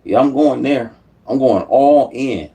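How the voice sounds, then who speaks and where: A man speaks in a heated, profane rush, circling back over the same phrases as he vents to his online audience. His voice sits at an ordinary male pitch. It is plain commentary, not a performance. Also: a little slow, warm tone. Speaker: YouTube commentator. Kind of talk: angry political rant.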